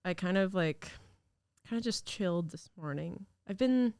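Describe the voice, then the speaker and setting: Animated and moderately paced, a young woman's lowish, darkish voice carries a casual solo podcast with no echo. She's recovering from illness and rambles from her studio, using fillers freely.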